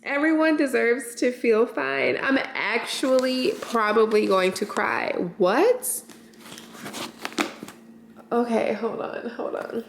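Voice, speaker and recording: A woman vlogger talks straight to her camera in an excited, gushing unboxing chat, tossing out exclamations and calling her viewers y'all. She speaks at an unhurried pace. The sound bounces around a roomy space, with a faint hiss underneath. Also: on the high side, gravelly. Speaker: lifestyle vlogger. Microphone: camera mic. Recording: roomy echo with faint noise.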